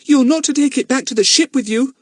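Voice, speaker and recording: A man voicing a sharp-tongued, bossy young girl in an audiobook, with a shrill, scolding delivery. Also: fast, dry recording, clean studio sound. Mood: cross, scornful.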